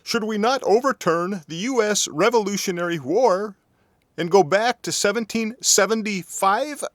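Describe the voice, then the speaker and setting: A man's voice: high voice, moderate pace, no room sound, clean studio sound. A man giving sarcastic, rhetorical satirical voice-over narration.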